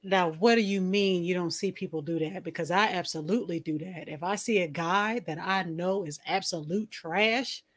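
A woman's voice: on the low side, moderate pace, few pauses. A woman co-hosting a casual chat, blunt and emphatic in her opinions. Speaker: podcast co-host.

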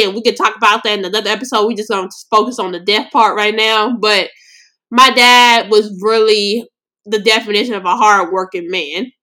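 A woman's voice: fairly high pitch, pushed and bright. A young woman from Los Angeles hosting a podcast, telling a personal story in a blunt, slangy, emotional way. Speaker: podcast host.

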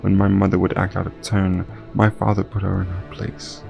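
A man voices a smug crime boss who talks down to everyone in a low, gravelly tone and issues cold, menacing orders. The reading is measured and unhurried, with a sadistic, condescending edge throughout. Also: monotone, a little mellow, muffled recording, soft background music. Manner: sadistic chuckling, cold commands.

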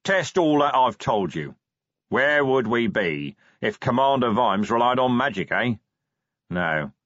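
A man voicing a clever male troll who speaks quietly and patiently, like a school teacher. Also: mid-range voice, sing-song, no echo, highs cut off. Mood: calm, measured. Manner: measured, patient, lightly teasing.

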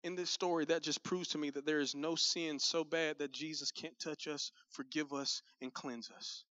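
High, bright-voiced pastor preaching. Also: male voice, moderate pace, dry recording. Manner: animated storytelling with comic voices for characters; conversational, addresses the congregation directly. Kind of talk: sermon. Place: church sanctuary. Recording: dull, muffled sound with faint music.

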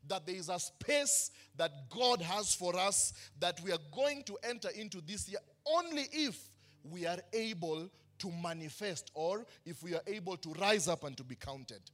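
Male pastor, high bright voice, emphatic call-and-response preaching. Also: animated, normal speed. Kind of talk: sermon.

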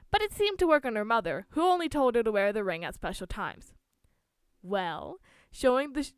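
A woman's voice: a little high, smooth, no echo. A woman reading a spooky story aloud, with small slips and restarts as she goes.

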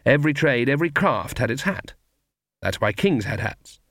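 A man's voice: medium pitch, very animated, normal speed, a bit bright, dry recording. Male audiobook narrator, dry close read. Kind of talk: scripted narration.

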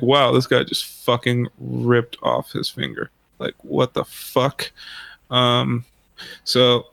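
A man's voice: mid-range voice, creaky, a bit bright, no echo. A man telling a long story in a casual, rambling way, swearing often and laughing as he goes. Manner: rambling, profane, laughs through his story.

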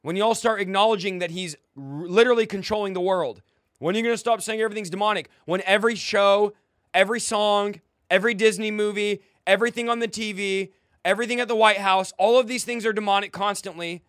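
A young man preaches with fire, confrontational and mocking, barking commands at his listeners. His voice sits high for a man. The sound is close and dry, with no room around it. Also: steady tone, fairly quick, fairly bright tone, no room sound. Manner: exhorting, commanding. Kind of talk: fiery sermon.

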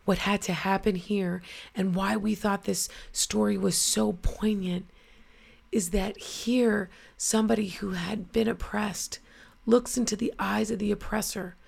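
A woman's voice: mid-range voice, gravelly, a little mellow, slightly rough. A woman podcast host reading a first-person story aloud and then reflecting on it earnestly.

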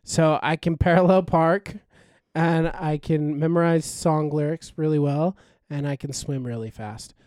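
A man's voice: a little high, fairly even intonation, measured pace, hardly any pauses, darkish tone, no room sound, studio quality. A man hosting a casual podcast, joking and laughing often as he tells stories. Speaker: podcast host.

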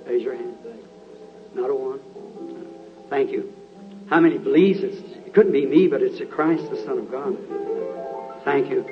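A man's voice: fairly high pitch, normal speed, pauses often, dull audio, music in the background. A man preaching at a healing service, earnestly calling out to people in the congregation. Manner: earnest, calls out to people in the crowd.

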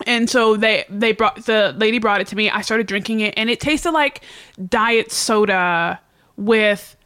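A woman's voice: mid-range voice, measured pace, clear, resonant tone. A woman co-hosting a casual chat, telling stories and acting out the lines of people in them. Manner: animated storytelling, acts out dialogue.

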